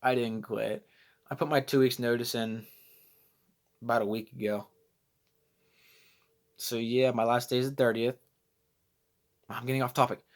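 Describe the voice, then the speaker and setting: A man's voice: medium pitch, fairly even intonation, measured pace, long pauses. A young man vlogging casually, rambling and self-deprecating as he loses his train of thought. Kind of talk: casual vlog storytelling.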